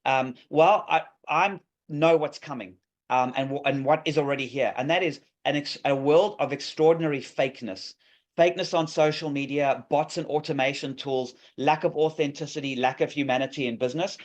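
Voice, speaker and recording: A man's voice: a little high, moderate pace. A man presenting an app demo on a video call, enthusiastic and salesy, with many fillers and restarts. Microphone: video call microphone. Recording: dull lo-fi call audio.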